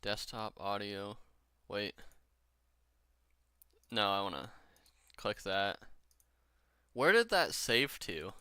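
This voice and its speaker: A man's voice: lowish voice, very animated, takes it slowly, long pauses, sharp tone, smooth, no room sound. A man from Washington state chatting casually on his gaming stream, rambling and swearing, a little drunk. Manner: rambling, profane, chatty with viewers.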